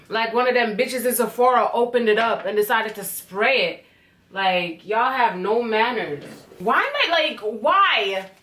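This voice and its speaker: A young woman in her twenties from Canada talking excitedly through a beauty product first-impression vlog, chatty and swearing casually. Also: on the high side, takes it slowly. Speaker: beauty vlogger.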